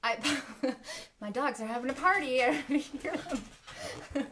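A woman hosting a live paint pouring demo from her home studio, chatting with viewers in a giggly, easily excited way. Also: high-pitched, slow, noisy background. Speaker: art studio host. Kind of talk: live craft demo chat. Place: home studio, dogs in the house. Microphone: live stream from a phone or camera.

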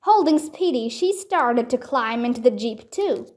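A woman reading a children's storybook aloud clearly and deliberately. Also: on the high side, lively intonation, darkish tone. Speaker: storybook reader. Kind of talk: children's book read-aloud.

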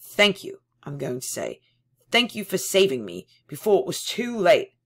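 A woman voicing a panicky, servile middle-aged male prisoner who stammers and pleads loudly. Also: on the low side, wildly swooping pitch, normal speed, exaggerated voice. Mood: eager. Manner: stammering, pleading, louder than narration.

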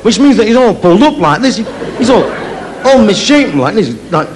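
A man's voice: high voice, sing-song, brisk, crowd noise. A man doing live stand-up storytelling on stage, chatty, with many asides of "right?". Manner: chatty, keeps adding "right?". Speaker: stand-up comedian. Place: opera house stage. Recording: live concert recording with audience.

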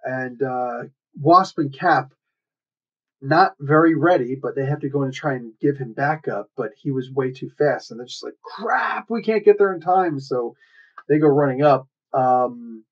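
A man casually retelling a comic book story in a chatty, loose way, dropping into quick acted quotes. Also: mid-range voice, fairly even intonation. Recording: dull lo-fi sound.

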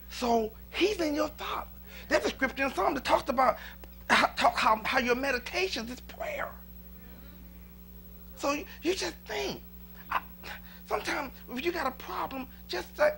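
Guy preaching in church, bright edgy voice, easygoing, laughs a lot, little hum underneath. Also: very high-pitched, sing-song, measured pace, vocal fry, pauses often. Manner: conversational, repeats words, chuckles often. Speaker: pastor. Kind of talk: sermon.

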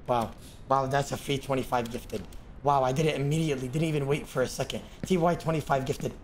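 A man live-streaming a game, talking to himself and to his chat, with sudden bursts of loud yelling and laughter. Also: medium pitch, steady tone, brisk, a little hiss or hum.

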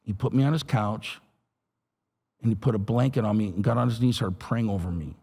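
A middle-aged man, a pastor, telling his testimony in an animated, street-talking way. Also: on the low side, fairly quick, gravelly, slightly rough. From Los Angeles area. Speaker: pastor and guest. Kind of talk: storytelling testimony.

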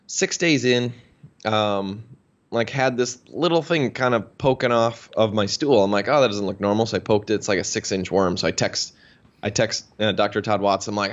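A man in his thirties from Minnesota, a guest telling a story in a casual interview and acting out the dialogue. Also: on the low side. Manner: animated storyteller, acts out quoted dialogue. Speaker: interview guest, health practitioner. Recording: dull lo-fi sound.

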